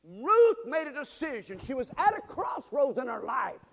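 A man preaching a sermon as pastor, moving between quiet asides and shouted, fervent appeals. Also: very high-pitched, big pitch swings, moderate pace, creaky. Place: church sanctuary. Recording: long church hall reverb.

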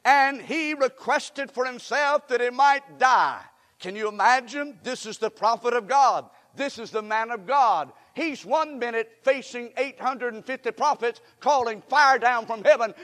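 High-voiced preacher in a reverberant hall. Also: male voice, a little slow, fairly bright tone. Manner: emphatic, repeats rhetorical questions, calls on the congregation. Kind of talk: sermon. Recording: long reverb in a large hall.

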